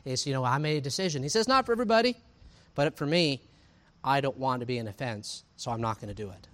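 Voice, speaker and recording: Speaking at a quick pace with a medium-pitched voice, this male pastor preaches animatedly and chattily. He keeps tossing in side remarks and rhetorical questions.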